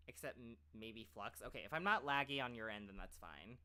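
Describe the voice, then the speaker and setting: A man's voice: medium pitch, animated, normal speed, pushed and bright, clean tone. A man who streams and trains as a voice actor, chatting casually and rambling, with many "like" fillers and restarts. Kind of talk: casual chat.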